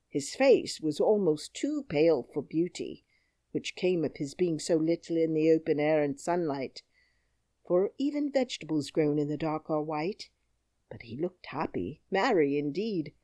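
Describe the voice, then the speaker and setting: Slow, expressive woman storyteller. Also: on the low side, dry recording, studio quality. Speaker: audiobook narrator. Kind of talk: scripted storybook narration.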